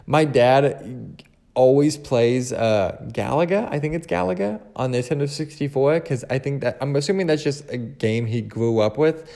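Young male podcast host, slight lisp, rambling casual delivery, mid-pitched. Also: normal speed, creaky, warm tone. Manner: rambling, restarts often, casual swearing. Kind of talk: casual solo chat.

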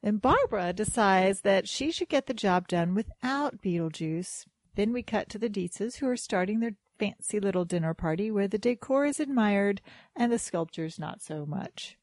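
A woman's voice: medium pitch, lively intonation, normal speed, no room sound. A woman hosting a casual movie podcast, chatty and laughing often as she recaps scenes. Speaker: podcast host.

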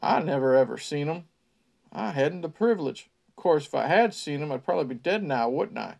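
A man's voice: a little high, lively intonation, fairly quick, vocal fry, a little mellow. A man reading aloud and voicing a folksy, ominous older gas station owner with a drawling manner. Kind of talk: read-aloud character voice.

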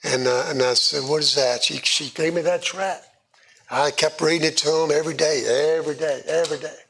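A man giving a sermon testimony, halting and often repeating himself. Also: a little high, fairly even intonation, creaky, a bit bright, slightly rough. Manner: halting, repeats words and restarts. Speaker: preacher.

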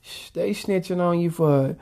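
Podcast co-host, woman, deep voice, laid-back and slangy. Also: unhurried, vocal fry, dark tone. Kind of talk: casual podcast chat.

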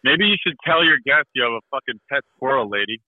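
A man's voice: mid-range voice, lively intonation, quick pace, no echo. A man in casual podcast chat, reacting and swearing freely. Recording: dull radio-like line.

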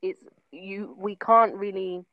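A woman co-hosting a casual chat podcast, chatty and quick to laugh. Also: medium pitch, steady tone. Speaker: podcast co-host. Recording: muffled lo-fi podcast audio.

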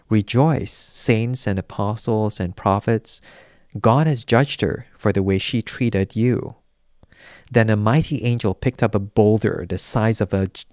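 A man reading scripture aloud in a measured, solemn, unhurried way. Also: lowish voice, a little mellow, clear, resonant tone, no room sound, studio quality. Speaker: scripture reader.

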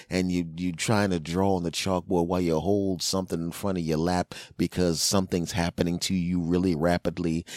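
A man hosting a podcast, telling rambling, animated comic stories with crude jokes into a close microphone. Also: sits low, no room sound. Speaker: podcast host. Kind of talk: comedic monologue.

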